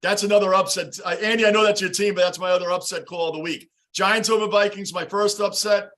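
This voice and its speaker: A man hosting a live football reaction stream, greeting chatters by name and shouting at big plays. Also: sits high, steady tone, fast talker. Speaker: livestream host reacting to a game. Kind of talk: live game reaction and fan chat.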